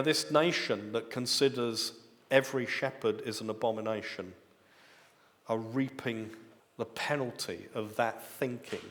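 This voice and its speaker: A man's voice: fairly low pitch, fairly bright tone, slight background noise. A man preaching a sermon, teaching step by step and lifting his voice on key words. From United Kingdom. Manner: explanatory teaching, rising emphasis on key words. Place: church hall. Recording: long reverb of a church hall.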